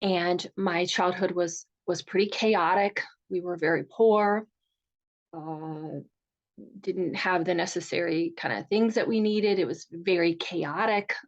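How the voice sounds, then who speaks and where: A woman with a Southern US accent, from rural Virginia, who coaches on divorce recovery. She talks people through a soft guided meditation and tells her own story in an earnest way. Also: mid-range voice, muffled recording. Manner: soft, calm, guiding. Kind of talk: guided meditation and workshop talk.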